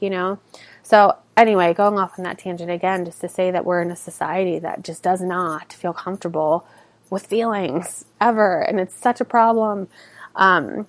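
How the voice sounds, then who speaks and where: A woman in her thirties talks straight into a close mic for her own podcast. Her middle-pitched voice comes across earnest and conversational, full of casual fillers. The room is dead and dry. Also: normal speed, no room sound. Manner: earnest, conversational, heavy use of "like". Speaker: podcast host. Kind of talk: solo podcast monologue.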